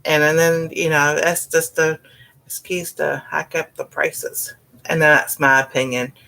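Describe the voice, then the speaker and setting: Woman, Southern US accent, fairly low voice, slow unhurried talk, folksy rambling livestream chat. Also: level tone, gravelly, pushed and bright, a little hiss or hum. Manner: rambling, folksy, says "y'all", laughs often. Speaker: host of a cooking channel.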